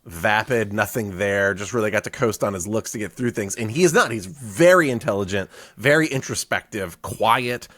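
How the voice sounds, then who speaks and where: A man's voice: fairly low pitch, normal speed, hardly any pauses, a bit bright, dry recording. A man co-hosting a podcast, joking with playful, witty wordplay in a casual chat. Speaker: podcast co-host.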